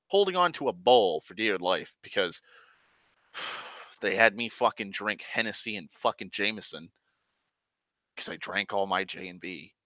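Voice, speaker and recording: A young man spins a casual, meandering story full of swearing, often stopping to correct himself mid-sentence. His voice sits a little low yet has a bright, forceful edge. The sound is close and dry. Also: normal speed, no room sound. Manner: rambling, profane, often backtracks and corrects himself. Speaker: host.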